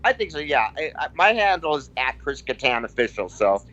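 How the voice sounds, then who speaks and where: A man guesting on a comedy podcast, rambling and halting in casual chat, with frequent restarts and self-mocking asides. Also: fairly high pitch, very animated, pushed and bright, muffled recording.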